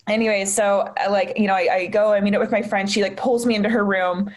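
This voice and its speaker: A woman's voice: mid-range voice, flat delivery, fast. A young woman, a comedian guesting on a podcast, telling a personal story in a chatty way, full of fillers like "like". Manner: chatty, filler-heavy with frequent "like".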